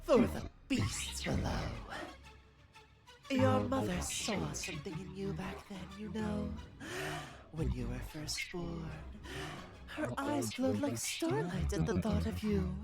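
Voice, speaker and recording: A woman voicing a cruel, godlike female entity in a game, taunting slowly with a sing-song menace and dropping into whispers. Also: medium pitch, very animated. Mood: crooning menace. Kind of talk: game character voice. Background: loud game music.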